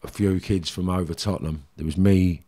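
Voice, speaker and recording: Middle-aged London Cockney man, very low voice, candid podcast guest, rambling storyteller. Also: steady tone, a little fast, warm tone. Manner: streetwise, rambling, frequent "do you know what I mean".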